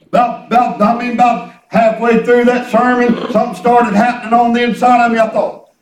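A man's voice: extremely high pitch, little pitch movement, brisk. A man preaching a sermon, telling folksy stories and calling on the congregation to respond. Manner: folksy storytelling with call and response. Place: church hall. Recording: echoey room, distant mic.

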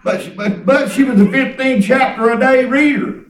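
A man's voice: very high-pitched, normal speed. A man preaching in a casual, conversational way, telling folksy stories and often restarting his words. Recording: echoey room, distant mic.

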